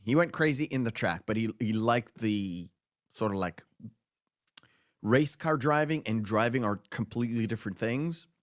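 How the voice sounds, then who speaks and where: A man's voice: mid-range voice, expressive, moderate pace, dry recording, studio quality. A man hosting a casual movie podcast, rambling through trivia with many fillers and restarts. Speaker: podcast host.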